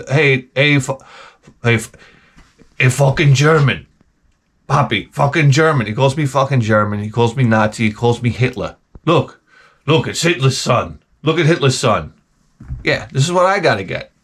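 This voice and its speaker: A man's voice: fairly high pitch, a bit bright. A man hosting a game channel, ranting comically in a profane, rambling way, full of stammered restarts. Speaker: video game channel host. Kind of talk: comedic rant.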